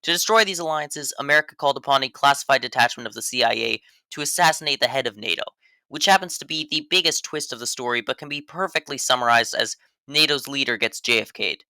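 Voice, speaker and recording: Sarcastic man with a bright voice. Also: mid-range voice, clean tone, no echo. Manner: sarcastic, mock-serious delivery. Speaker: video game reviewer. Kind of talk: scripted voice-over commentary.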